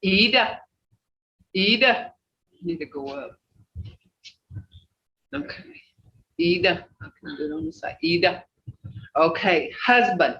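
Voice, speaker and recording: A language teacher running an online class, folksy and plain-spoken, slowly repeating native words to drill their sounds. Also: mid-range voice, big pitch swings, gravelly, pushed and bright. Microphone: video call. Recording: distant, roomy, dull video-call audio with faint hiss.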